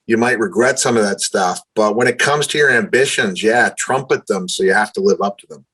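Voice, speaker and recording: A man in his fifties, a podcast guest telling long stories with lively, self-deprecating humor. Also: lowish voice, fairly quick, husky, rough recording. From New York, USA. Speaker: guest, retired wrestler. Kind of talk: storytelling in conversation.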